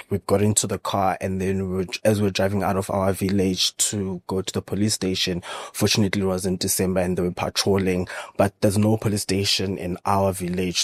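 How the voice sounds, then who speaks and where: Low, flat-voiced man. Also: no room sound. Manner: halting, measured storytelling with frequent pauses and fillers. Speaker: podcast guest. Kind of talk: personal testimony in an interview.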